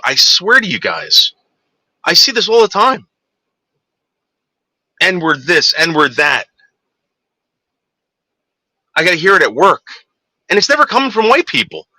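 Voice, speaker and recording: A man's voice: sits high, sharp tone, no echo. A man ranting heatedly to his viewers in a monologue, with profanity and frequent restarts. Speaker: vlogger.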